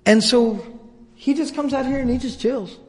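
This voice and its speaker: A man giving a religious storytelling lecture, conversational and animated, with many repetitions. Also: very high-pitched, moderate pace, big-room sound. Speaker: religious teacher.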